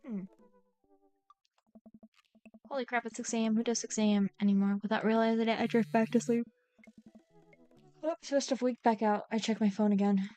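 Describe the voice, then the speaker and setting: A young woman streaming a game, reading its lines aloud and chatting in a giggly, scattered, excitable way. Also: medium pitch, brisk, long pauses, faint music behind.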